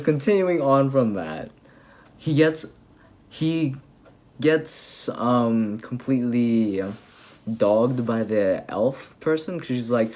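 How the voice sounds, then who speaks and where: A young man casually recapping an anime episode, rambling and excitable with lots of fillers and restarts. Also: mid-range voice, unhurried. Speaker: anime reviewer.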